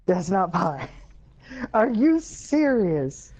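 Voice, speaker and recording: A woman's voice: mid-range voice, big pitch swings, very slow, warm tone, breathy edge, low-quality recording. A woman co-hosting a casual podcast chat, teasing and incredulous, rattling off long lists.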